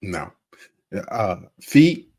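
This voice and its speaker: A man's voice: on the low side, big pitch swings, a little mellow. A man in his fifties co-hosting a podcast, telling stories in a casual, candid way with plenty of fillers. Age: 50s. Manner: unhurried, candid storytelling with many fillers. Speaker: podcast co-host. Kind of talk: casual chat.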